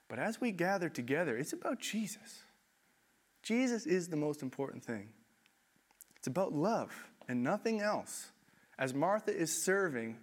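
Animated, conversational male preacher. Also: medium pitch. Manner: animated, conversational, self-deprecating. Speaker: pastor. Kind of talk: sermon.

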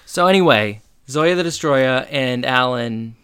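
A podcast co-host walking through a sitcom episode in relaxed chat. The voice is smooth and resonant at a middle pitch. They slip into characters' lines now and then while retelling scenes. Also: measured pace. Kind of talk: casual TV-episode recap chat.

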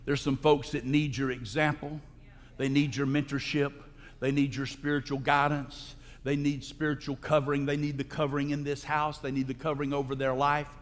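A pastor preaches to his congregation with a fairly high voice. He drives his points home with sudden loud, soaring emphasis. The sound carries a long reverb from the church hall around him. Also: little pitch movement, normal speed. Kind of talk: sermon. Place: church sanctuary.

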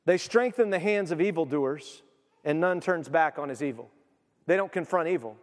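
A man preaching a sermon, emphatic, swinging from quiet to loud. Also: a little high, animated, moderate pace, big-room sound. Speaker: pastor.

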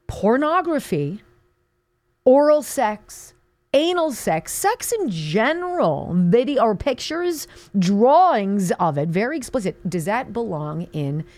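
A woman's voice: medium pitch, a little mellow, no room sound. Sarcastic woman talk show host, dry studio. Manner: sarcastic, emphatic, mocking asides. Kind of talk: opinionated talk radio monologue.

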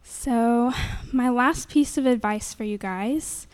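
A woman's voice: on the high side, slow, darkish tone, clear, resonant tone. A young woman giving a nervous, earnest faith testimony into a handheld microphone at a church gathering, with many fillers.

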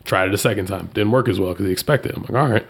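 A man in a casual chat, telling a story and voicing the people in it, leaping up in pitch when he quotes them. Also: very fast, gravelly, husky. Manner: animated, jumps high when quoting people.

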